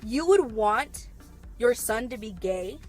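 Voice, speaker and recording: A woman's voice: on the high side, lively intonation, slow pace, soft background music. A woman quoting a preachy, prejudiced woman teacher in a lecturing tone. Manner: lecturing, self-assured.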